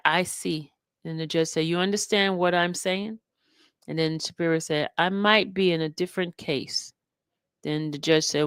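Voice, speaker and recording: Woman host, allergy-stuffed, slow deliberate transcript read, dry mic. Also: fairly low pitch, clean tone, no echo. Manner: slow, deliberate reading with asides. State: coughing and sniffly from allergies. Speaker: YouTube host reading a court transcript. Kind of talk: reading a transcript aloud.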